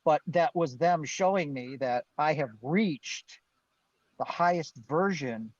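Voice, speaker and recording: A man's voice: on the high side, slow pace, dry recording. A middle-aged man speaking earnestly and with emphasis, checking in with "right?" as he tells his story. The sound is dull and lo-fi, close and dry, like a video call. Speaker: guest. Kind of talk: storytelling in a live-streamed interview.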